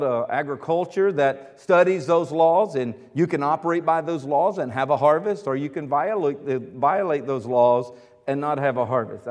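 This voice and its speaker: A middle-aged American man preaching a sermon as pastor, animated and putting questions to the congregation. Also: on the high side. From United States. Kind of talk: sermon with congregational call-and-response. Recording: long reverb of a church hall.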